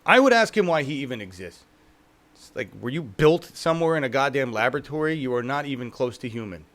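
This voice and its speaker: A man's voice: mid-range voice, animated, fast talker, a bit bright. A man co-hosting a casual political talk show, profane and mocking, often acting out the people he talks about. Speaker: co-host.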